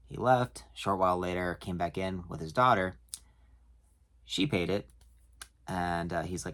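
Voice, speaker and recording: A man who works at a storage facility tells work stories casually to camera, chuckling and pausing on lots of fillers. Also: deep voice, gravelly, fairly bright tone. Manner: chuckling, hesitant with many fillers.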